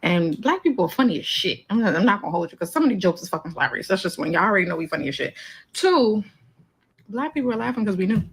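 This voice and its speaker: A woman's voice: mid-range voice, sing-song, fast talker, slightly rough, poor audio. A woman giving an emphatic opinion monologue, making numbered points in blunt, profane slang. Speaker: commentator.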